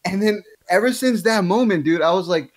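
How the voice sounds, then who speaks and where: A man's voice: sits high, a little fast, crowd noise. A man guesting on a podcast, telling a long, rambling story in casual chat and swearing often.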